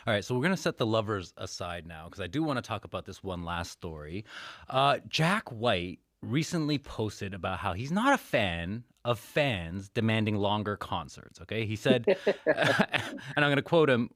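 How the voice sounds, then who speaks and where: Male podcast host, animated pitch, dry close mic, laughing questions. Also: normal speed, no room sound. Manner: lively, laughing, leading questions. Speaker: guest host. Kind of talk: hosting a podcast panel.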